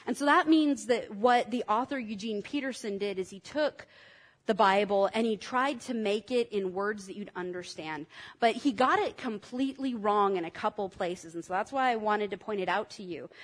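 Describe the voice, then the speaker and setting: A fairly high-pitched woman preaches at a normal pace. Her enthusiastic, teaching style pulls in the congregation, who repeat words after her.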